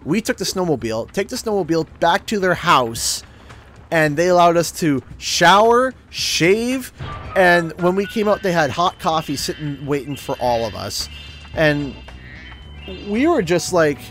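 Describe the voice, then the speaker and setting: A man streaming a game, telling a story casually and acting out what other people said. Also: sits high. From Canada. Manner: animated, acts out other people's lines in changed voices. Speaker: gaming streamer.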